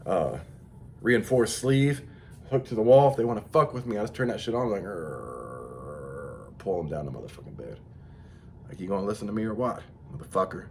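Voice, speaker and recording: A man's voice: mid-range voice, darkish tone, slightly rough. A tired man rambling through a crude, profane casual monologue as a vlogger. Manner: profane, rambling, mock-tough.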